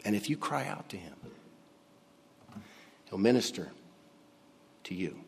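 A man preaching a sermon, slow and emphatic, dropping to a hush on key words, in a church sanctuary. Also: lowish voice, very animated, vocal fry, a little hiss or hum. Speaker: pastor. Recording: long hall reverb.

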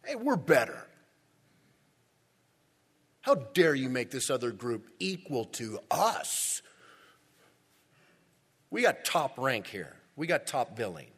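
A man voicing an indignant male vineyard worker who complains loudly and proudly. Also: mid-range voice, very animated, takes it slowly, long pauses, breathy edge, heavily acted.

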